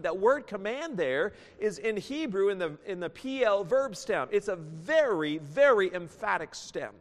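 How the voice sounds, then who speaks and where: A man with a high voice preaches a sermon, working through scripture and breaking into the voices of the people he quotes. His words ring out with a long hall reverb behind them. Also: a little slow, few pauses. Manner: animated, acts out quoted voices.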